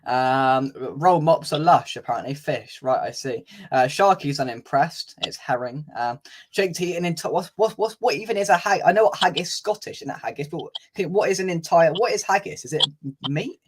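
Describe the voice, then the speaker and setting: A man's voice: on the high side, normal speed. A man hosting a casual fan live stream, chatting, reading out viewer comments and laughing easily. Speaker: fan channel host.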